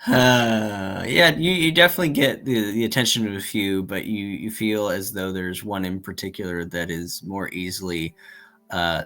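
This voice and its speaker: A man running a tabletop game as game master, narrating in a relaxed, hesitant way. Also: deep voice, normal speed.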